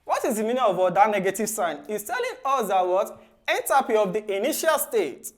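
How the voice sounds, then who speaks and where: A man teaching chemistry for exam preparation. He ends nearly every phrase with "what?" and then answers it himself in a low, soft voice. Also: big pitch swings, fairly quick. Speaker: chemistry tutor. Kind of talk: exam-prep lesson.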